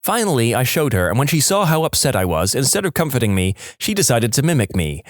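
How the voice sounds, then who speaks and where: A man narrating online stories in a scripted, expressive reading style. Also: medium pitch, moderate pace, hardly any pauses, dry recording, studio quality. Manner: lively, expressive reading with acted quotes.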